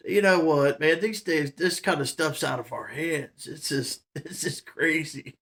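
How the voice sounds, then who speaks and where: A man's voice: a little high, takes it slowly, fairly bright tone. A man telling a story to the camera in a rambling, casual way, with lots of fillers and laughs. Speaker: vlogger.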